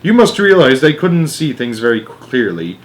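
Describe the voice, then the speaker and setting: A man reads a children's storybook aloud at normal speed, narrating with expressive, animated delivery in a medium-pitched voice.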